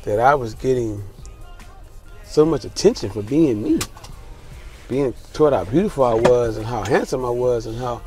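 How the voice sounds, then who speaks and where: With a mid-range voice, this young American travel vlogger tells a story from his own life in a relaxed, open way. He gets animated and performs the voices of anyone he quotes.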